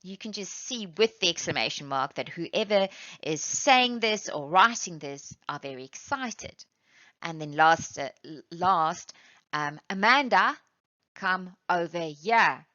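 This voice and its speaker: Woman teacher from South Africa, lowish bright voice, patient step-by-step explainer; dry, lo-fi recording. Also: animated, dry recording. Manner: patient, explains step by step, reads examples aloud slowly. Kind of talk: classroom lesson. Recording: dull, lo-fi sound.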